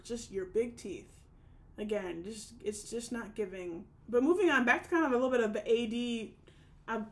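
A young woman chatting casually as she recaps a show, with lots of fillers and restarts. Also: mid-range voice. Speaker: recap vlogger. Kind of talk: casual reality TV recap chat.

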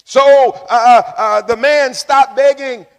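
High-voiced preaching pastor in a reverberant hall. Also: male voice, fairly even intonation, slow pace, smooth. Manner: call-and-response preaching, building to shouts. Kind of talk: sermon. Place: church sanctuary.

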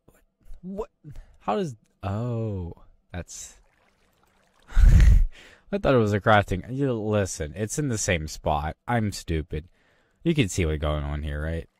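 A man with a very low voice talks his way through a video game in a casual, rambling way. He mutters half to himself and drops dry, self-mocking jokes along the way. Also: sing-song, slow, long pauses, darkish tone, no echo. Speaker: gaming channel host. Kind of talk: casual gameplay commentary.

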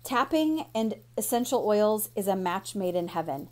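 A woman's voice: medium pitch, big pitch swings, normal speed, darkish tone. A woman emotion coach talking the viewer through a tapping routine in an encouraging, direct way. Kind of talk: instructional talk guiding tapping.

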